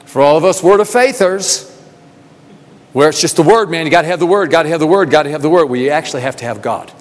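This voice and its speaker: A man preaching a sermon, asking rhetorical questions and repeating phrases, building from soft talk to emphatic calls. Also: on the high side, quick pace. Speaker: pastor. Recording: long reverb of a large hall.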